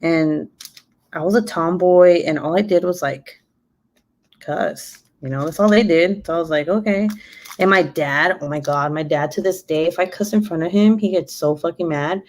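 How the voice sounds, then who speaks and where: A woman's voice: low voice, moderate pace. Swearing, chatty woman in her twenties. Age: 20s. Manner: chatty, cusses a lot, laughs often. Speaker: YouTuber. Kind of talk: casual live chat.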